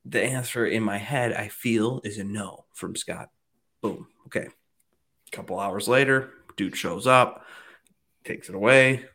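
A married man casually telling a long, animated story, acting out the people in it and swearing freely. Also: fairly low pitch, unhurried. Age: adult, married.

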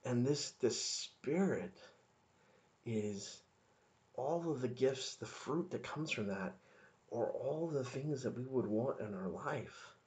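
A man's voice: medium pitch, expressive, slow pace, darkish tone. A man giving an informal devotional talk, earnest and conversational, often stopping and restarting his sentences. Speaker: podcast devotional speaker.

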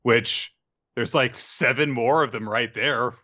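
A man's voice: medium pitch, slow pace, pushed and bright, dull audio. A young man co-hosting a casual podcast who chimes in with playful jokes. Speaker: podcast co-host. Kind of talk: casual chat.

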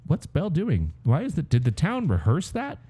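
A man's voice: on the high side, huge pitch swings, normal speed, warm tone, breathy edge. A man hosting a casual podcast, introducing each matchup in an announcer-like way. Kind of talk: casual chat.

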